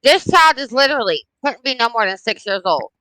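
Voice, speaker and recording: Blunt, emphatic mom in her forties; crisp forceful delivery, higher-pitched woman. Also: a little fast, rough recording. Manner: blunt, emphatic, animated storytelling. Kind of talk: casual chat.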